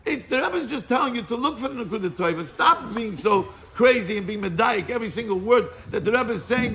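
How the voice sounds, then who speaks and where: Animated man teaching a small class. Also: sits high, quick pace, few pauses. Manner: animated, questioning the group, mixes in Hebrew and Yiddish terms. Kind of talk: informal Torah class.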